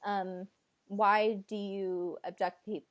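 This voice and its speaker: A woman channeler talking casually, nervous and halting, with many fillers and restarts, relaying an unseen being's words in her own voice. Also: mid-range voice, flat delivery. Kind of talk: casual conversation.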